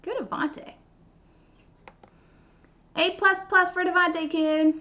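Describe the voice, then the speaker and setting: A bubbly young woman chats her way through a live baking demonstration, her voice high and bright. The sound is dull and lo-fi, like stream audio from a home kitchen. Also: fairly even intonation, slow. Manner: chatty and bubbly, talks to viewers. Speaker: baking show host.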